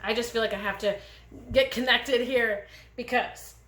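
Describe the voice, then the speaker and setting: Woman, tarot reader, gentle meandering guidance, bright tone, roomy echo. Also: a little high, fairly even intonation. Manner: gentle, meandering spiritual guidance with many pauses. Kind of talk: pick-a-card tarot reading.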